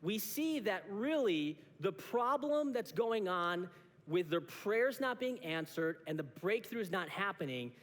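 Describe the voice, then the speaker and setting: A man in his thirties preaching a sermon as pastor, animated, acting out short exchanges with God. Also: sits high, a little slow. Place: church auditorium. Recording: long reverb of a church hall.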